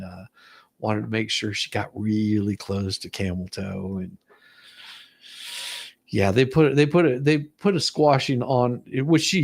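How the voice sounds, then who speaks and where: A man's voice: medium pitch, gravelly. A man hosting a reaction vlog, mocking the clips he watches with sarcastic remarks and frequent laughter. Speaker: commentary vlog host. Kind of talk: reaction commentary on video clips.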